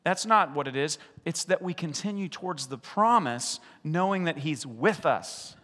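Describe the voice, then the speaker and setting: A man preaching in a church sanctuary, his voice bright and sitting a little above the usual range for a man. He is animated and acts out the voices in his retellings. A long reverb from the large hall trails after his words. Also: on the high side, normal speed. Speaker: pastor. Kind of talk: sermon.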